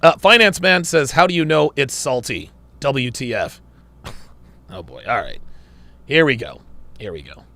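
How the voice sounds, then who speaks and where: Reading comments from his livestream chat, a man fires back crude, joking banter in casual conversation. He has a medium-pitched, expressive voice with a sharp tone, speaks at a measured pace with long pauses, and there's no room sound.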